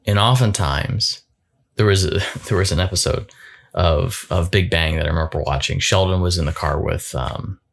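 A man giving a reflective solo talk as a coach, thoughtful and halting, often repeating words as he goes. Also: deep voice, creaky.

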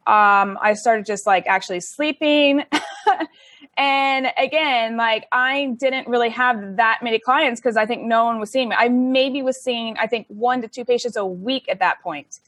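Young woman, highish voice, chatty story, lots of like and um, dry close sound. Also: unhurried, fairly bright tone, no room sound. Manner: chatty, many likes and ums, laughs between phrases. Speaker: interview guest. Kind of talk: casual storytelling.

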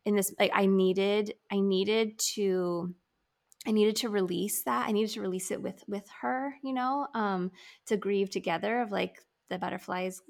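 Casting: woman, 30s, gravelly edge, open and chatty storyteller. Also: mid-range voice, fairly even intonation, unhurried. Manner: candid, storytelling with many fillers. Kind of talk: casual conversation about loss.

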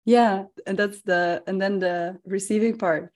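A woman's voice: mid-range voice, unhurried. Woman hosting a podcast chat. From Netherlands. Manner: expressive, laughs often, acts out quotes. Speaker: podcast host. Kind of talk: casual conversational interview.

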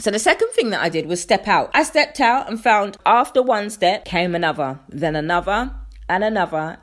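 A woman hosting a solo faith podcast, talking in an earnest, conversational way that turns preacherly. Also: mid-range voice. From England. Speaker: podcast host. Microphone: podcast microphone.

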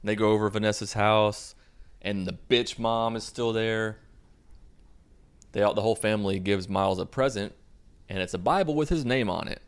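A man's voice: fairly low pitch, normal speed, smooth. A young man casually recapping a movie in a sarcastic, mocking way. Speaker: movie reviewer.

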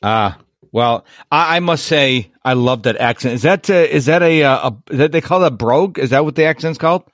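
A man's voice: medium pitch, fairly quick, no room sound, clean studio sound. A man hosting a podcast, who asks his guest questions with enthusiasm and often restarts his sentences. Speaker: podcast host. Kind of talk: podcast interview.

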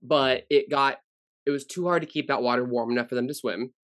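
A man's voice: mid-range voice, steady tone, a little fast, fairly bright tone, dry recording, studio quality. Rambling man chatting on a podcast. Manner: rambling, many fillers. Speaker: podcast co-host. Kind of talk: casual podcast chat.

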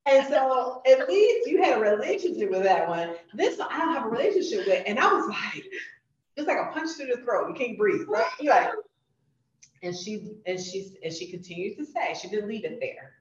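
A woman hosting a podcast, telling stories in an animated, chatty way. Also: a little high, normal speed. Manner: animated storyteller. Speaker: podcast host. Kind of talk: casual interview chat. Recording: roomy, distant, muffled podcast audio.

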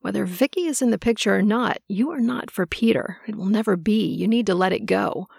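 A female narrator voices a motherly seer woman who is centuries old, sounding calm and soothing with a gravelly texture. Her mid-range voice moves briskly, and the recording is dry and close.

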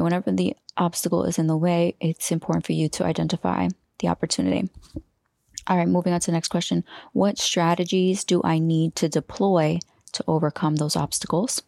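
A woman's voice: fairly low pitch, creaky, darkish tone, dry recording, studio quality. A woman hosting a solo coaching podcast, talking loosely with restarts and now and then dropping into a whisper. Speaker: podcast host and life coach.

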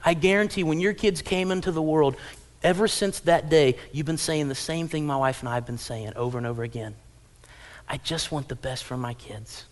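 Man, pastor, sermon, middle-aged, slightly high-pitched, chatty, acts out quotes, church auditorium. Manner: conversational, animated storytelling with acted quotes.

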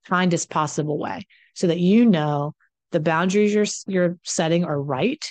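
A woman's voice: on the low side, normal speed, a little mellow, no room sound. A woman addiction and codependency coach talking straight to camera, blunt and impassioned, acting out the things people say to each other. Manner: blunt, impassioned, acts out quoted dialogue. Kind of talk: direct-to-camera advice talk.

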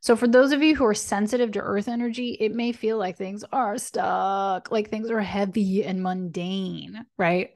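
Chatty woman with a gravelly edge. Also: medium pitch, steady tone, moderate pace, few pauses, darkish tone. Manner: chatty, tags lines with "right?" and "okay?"; laughs lightly and swears casually. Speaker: astrology podcast host. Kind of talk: casual solo podcast monologue.

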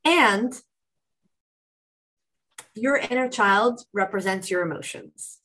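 A woman talking as a guest on a podcast, warm coaching chat that acts out inner voices with lively shifts. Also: medium pitch, takes it slowly, rough recording. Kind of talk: casual interview chat.

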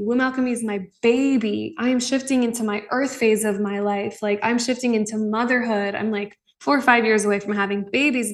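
A woman's voice: a little high, recorded from a distance. Young woman, earnest spiritual podcast talk. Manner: earnest, raw and excitable, breaking into laughs. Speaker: podcast host. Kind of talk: casual spiritual monologue.

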